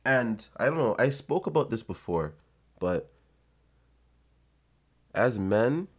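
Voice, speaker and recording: A man's voice: mid-range voice, big pitch swings, slow, slightly rough. A man giving blunt, profane advice in a casual rant to his viewers.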